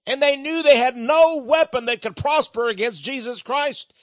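A man's voice: very high voice, moderate pace, dry recording. A man preaching a storytelling sermon about his ministry, repeating and restarting words as he talks, in a dull lo-fi recording.

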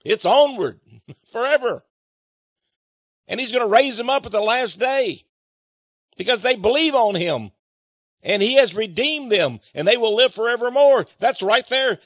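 A man with a high, fairly bright voice preaches a sermon, reading scripture aloud and then explaining it, captured in a dry recording. He's emphatic, throws rhetorical questions at his listeners, and chuckles between points.

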